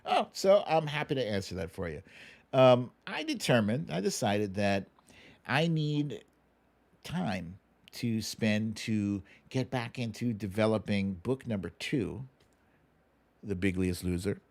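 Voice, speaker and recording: A man hosting a live stream in casual chat, reading viewer comments aloud and answering them with quick asides and hums. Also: fairly low pitch, vocal fry. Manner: animated, frequent chuckles and filler hums. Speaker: livestream host.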